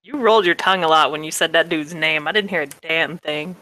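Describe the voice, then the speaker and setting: A woman's voice: low voice, brisk, bright, forceful tone, rough recording. A woman game master narrating a tabletop game casually and bluntly. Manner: blunt, swears freely.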